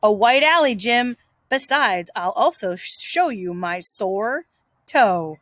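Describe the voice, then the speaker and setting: A woman's voice: slow, no echo. A woman voicing a cunning, boastful boy in a read-aloud storybook, talking in an eager, coaxing way. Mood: persuading. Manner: coaxing, eager, raised excited pitch.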